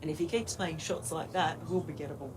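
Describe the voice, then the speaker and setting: A woman's voice: deep voice, fast talker, background noise. A young woman giving friendly, conversational live cricket commentary. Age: young adult. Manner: friendly, conversational, warmly appreciative.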